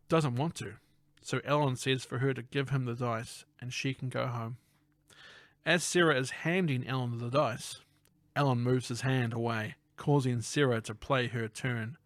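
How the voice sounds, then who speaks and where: A man's voice: medium pitch, measured pace, a bit bright, no room sound. Man recapping a film, dry close mic. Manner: retells the plot and acts out lines in voices, laughs often. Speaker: film review podcast co-host. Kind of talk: casual film recap chat.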